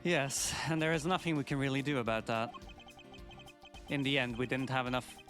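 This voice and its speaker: Brief: man voicing a serious prosecutor in a fan game dub, measured and grave, mid-pitched. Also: a bit bright, soft background music, natural voice. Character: composed male prosecutor, serious.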